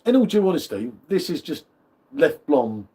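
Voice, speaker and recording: A man's voice: fairly high pitch, very animated, normal speed, dark tone, slightly rough. A man hosting a live beer tasting, chatting casually with matey banter and greeting viewers by name. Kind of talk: casual live-stream chat.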